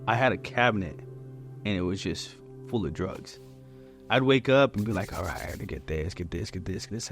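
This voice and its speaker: A man in his forties giving a candid, conversational personal testimony at church. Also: fairly low pitch. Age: 40s. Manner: candid and conversational, many fillers.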